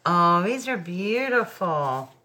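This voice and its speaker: Speaking through a laptop mic, a woman hosts a live craft tutorial, chatting directly to viewers as she works. Her voice sits on the low side but swings widely in pitch, delivered slowly with a pushed, bright quality.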